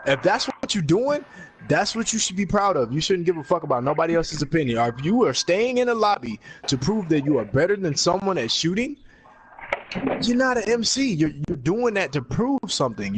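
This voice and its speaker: A man with a slightly high voice talks loosely and laughs a lot in a casual podcast chat. His stories come out animated, with sudden high outbursts. A steady hiss of noise sits under the recording. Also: a little fast. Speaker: podcast co-host. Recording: noisy background.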